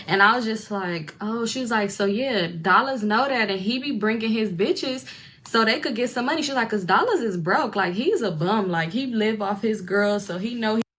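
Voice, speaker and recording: A bright-voiced young woman rambles through a casual storytime. She talks in slang and drops into other people's voices as she quotes them. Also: mid-range voice, normal speed. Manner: chatty, slangy, acts out voices of relatives. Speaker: storyteller in a reacted video.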